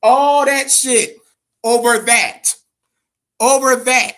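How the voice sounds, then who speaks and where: A man with a high voice hosts a boxing talk show. He rambles, swears often and tells his stories with a lot of energy. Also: takes it slowly. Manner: profane, rambling, animated. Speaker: host.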